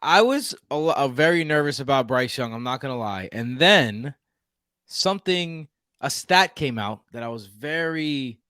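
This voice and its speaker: A man from Houston co-hosting a podcast, talking casually and jokingly with lively restarts. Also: medium pitch, normal speed, smooth, no echo, clean studio sound. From Houston, Texas. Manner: animated, jokey, frequent restarts. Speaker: podcast co-host. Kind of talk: casual fantasy football chat.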